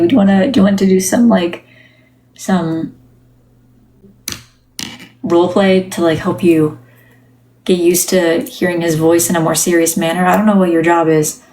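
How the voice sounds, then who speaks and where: A woman's voice: lowish voice, warm tone, slight background noise, poor audio. Candid, rambling woman on a livestream. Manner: candid, rambling, many restarts. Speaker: livestream host. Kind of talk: casual live-stream chat.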